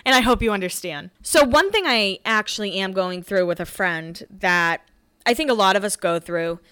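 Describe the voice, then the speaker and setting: Bright, chatty young woman podcaster. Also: mid-range voice, animated, normal speed, clear, resonant tone, no room sound, studio quality. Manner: chatty, gossipy, swears freely and acts out quotes. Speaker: podcast host recapping a reality show. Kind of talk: casual solo podcast recap.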